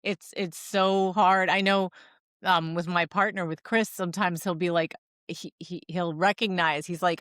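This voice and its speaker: A woman's voice: on the low side, steady tone, measured pace, dry recording, clean studio sound. A woman guest on a podcast interview, talking in an earnest way and acting out quoted lines in her stories. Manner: earnest and warm with light laughs, acts out quoted lines. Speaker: podcast guest, divorce strategist. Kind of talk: conversational interview.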